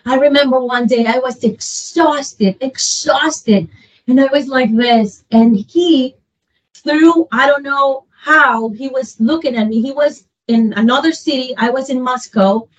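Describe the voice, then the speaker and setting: A woman sports broadcaster telling a heartfelt story in an interview, animated and acting out what others said. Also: high voice, a little slow, distant mic, rough recording. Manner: animated, quotes others in lively voices, laughs often.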